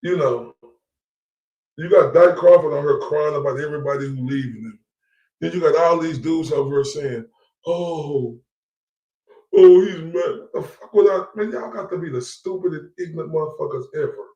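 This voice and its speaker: A man's voice: a little high, normal speed, darkish tone, recorded from a distance. A man streaming live, ranting defiantly with profanity and repetition. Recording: echoey room, away from the mic.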